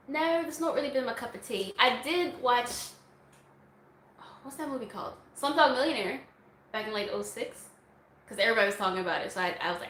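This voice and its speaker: A woman's voice: on the high side, moderate pace, a bit bright, a little hiss or hum. Chatty woman vlogger in an echoey room. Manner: chatty, laughs often, breaks into song snippets. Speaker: YouTube vlogger answering viewer questions. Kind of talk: casual Q&A chat.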